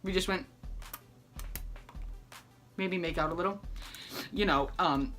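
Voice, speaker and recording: A man's voice: sits high, measured pace, pauses often, sharp tone, faint music behind. A young man telling a story in a casual vlog, sassy and dramatic, acting out each person he quotes.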